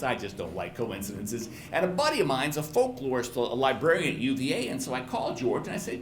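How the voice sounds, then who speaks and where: A middle-aged man telling a personal story live at a pub, in a folksy, animated way with frequent repeated words. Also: mid-range voice, fairly quick, few pauses. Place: pub stage before an audience. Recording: roomy pub with faint chatter.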